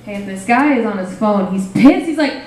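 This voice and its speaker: A woman's voice: medium pitch, animated, normal speed, a little mellow. A woman doing a rambling, self-deprecating stand-up set on a small cafe stage. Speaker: stand-up comedian. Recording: roomy live cafe recording.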